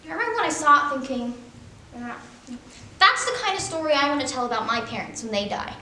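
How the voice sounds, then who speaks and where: A sardonic, washed-up male horse star, played by a woman gives a darkly funny eulogy in a high, bright voice that swoops all over the place. His self-deprecating jokes ring out in a roomy, echoing space. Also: expressive, fast, slight background noise. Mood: wry. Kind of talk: stage monologue, eulogy. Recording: roomy echo.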